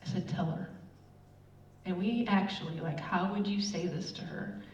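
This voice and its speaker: Here a middle-aged woman talks at a moderate pace in a mid-range voice, giving a relaxed sermon as a church speaker. She tells her own stories in a chatty, animated way, with many fillers. The recording is dull and distant, roomy, carrying faint room noise.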